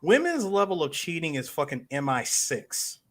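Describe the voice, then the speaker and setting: Male co-host, high bright voice, insistent interjector. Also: sing-song, moderate pace. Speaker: podcast co-host. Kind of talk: casual live-show movie talk.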